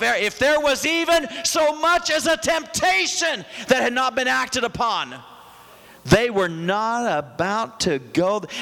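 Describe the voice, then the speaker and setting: Excitable high-voiced preacher, echoing church hall. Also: male voice, gravelly. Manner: excitable, rambling asides, bursts of shouting. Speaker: pastor. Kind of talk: sermon.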